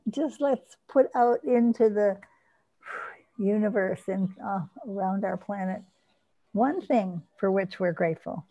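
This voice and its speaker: This woman runs a sharing circle over a video call. Her voice sits a little high but sounds soft and mellow, and she speaks in a gentle, affirming way. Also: highs cut off. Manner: gentle, affirming, warmly encouraging. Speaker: circle facilitator. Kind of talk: casual group sharing call.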